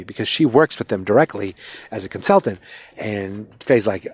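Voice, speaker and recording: A man's voice: lowish voice, normal speed, husky, no echo. A man hosting a podcast, casually recapping a TV episode outdoors, rambling with lots of fillers and restarts. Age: adult, with a father-in-law. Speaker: podcast host. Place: outdoors, with passing vehicles.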